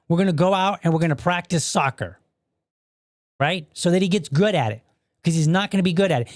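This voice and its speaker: A man's voice: on the high side, no echo, clean studio sound. A man in his thirties hosting a solo podcast, explaining his views in a conversational way with rhetorical questions and frequent restarts. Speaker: podcast host. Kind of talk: casual solo commentary.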